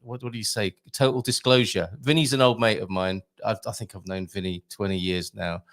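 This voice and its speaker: A man's voice: lowish voice, steady tone, brisk, a bit bright, no echo, clean studio sound. A man co-hosting a live stream over a video call, upbeat and enthusiastic as he hands out congratulations. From United Kingdom. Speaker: co-host, energy healer. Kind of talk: casual live-stream chat.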